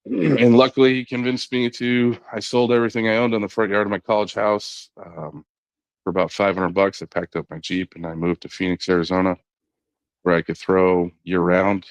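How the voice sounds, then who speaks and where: A middle-aged man speaks in a very low, deep voice, recorded dry and close with no room sound. He tells a long story in an easy conversational way, slipping other people's words into his own voice and peppering it with "you know." It sounds like a relaxed podcast guest. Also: normal speed, creaky, no echo. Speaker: podcast guest, former knuckleball pitcher.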